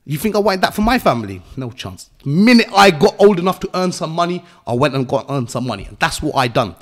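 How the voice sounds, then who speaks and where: His voice sits on the high side, swinging widely in pitch as he talks fast. He's a young Englishman from England with an English accent, an entrepreneur guest on a podcast interview who bluntly lectures listeners with street slang and swearing.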